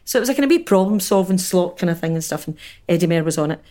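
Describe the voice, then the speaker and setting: Middle-aged Scottish woman, animated storyteller on a video call. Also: on the low side, racing. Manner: animated storyteller, doing voices. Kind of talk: casual chat.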